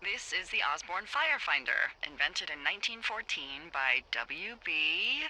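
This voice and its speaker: A playful, sarcastic lookout boss crackling through a walkie-talkie in a video game. Her voice bounces up and down with lively intonation and a bright, sharp edge. She teases and swears with easy confidence. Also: fairly low pitch, measured pace, full character voice. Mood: briefing. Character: wry, teasing, bossy woman lookout boss on radio. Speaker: fire lookout supervisor.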